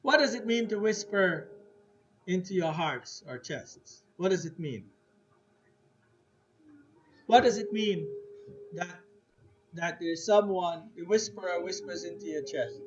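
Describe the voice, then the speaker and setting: An Arabic teacher with a fairly high male voice leads a class at an unhurried, animated pace, repeatedly questioning students and having them echo words back. The lo-fi recording sounds dull, with a faint hiss beneath it.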